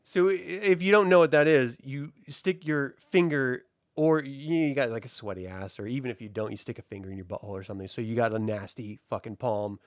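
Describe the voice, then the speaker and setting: A middle-aged man in casual podcast chat, telling stories in a profane, animated way with frequent laughs. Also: medium pitch, brisk, hardly any pauses, no room sound, studio quality. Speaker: co-host reviewing a baking show.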